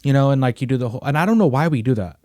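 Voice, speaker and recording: A man's voice: mid-range voice, animated, rapid-fire, a little mellow, no room sound, clean studio sound. A young man hosting a podcast, chatting casually in a slangy, rambling way full of "bro" and "you know what I mean". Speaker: podcast host. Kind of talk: casual chat.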